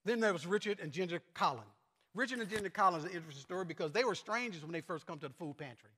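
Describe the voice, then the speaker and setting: A male preacher tells stories from his ministry in a high, earnest voice that stumbles and repeats words now and then. His sermon echoes with a long reverb, as in a large church sanctuary. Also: lively intonation, racing, bright, forceful tone, husky.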